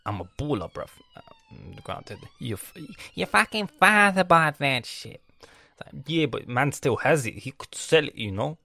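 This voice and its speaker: A creaky-voiced young London man ranting. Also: fairly high pitch, a little slow, no echo. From England. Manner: animated storytelling with slang and swearing, acts out family members. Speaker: podcaster. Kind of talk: casual ranting monologue.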